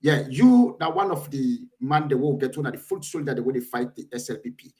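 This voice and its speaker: A man's voice: mid-range voice, lively intonation, brisk, darkish tone. A man with a Sierra Leonean Krio accent, hosting an online political talk show and asking long, rambling questions. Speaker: host.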